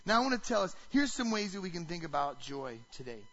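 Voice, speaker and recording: A man preaching a sermon to a congregation, animated, often asking the listeners questions. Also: high voice, quick pace, muffled recording. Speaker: pastor.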